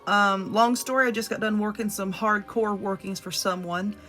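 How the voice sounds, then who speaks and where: A woman with a Southern drawl talks viewers through a spell at home, blunt and cheerfully profane. Her voice is bright and sharp with a mid pitch. Faint music plays behind her. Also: fairly even intonation, moderate pace. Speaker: witchcraft video host. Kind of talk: casual spell tutorial. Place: home room.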